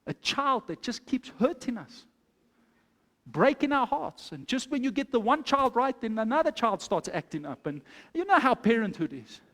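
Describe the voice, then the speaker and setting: A man's voice: very high voice, in a large hall. A man, a pastor preaching a sermon, telling the story and exhorting his congregation.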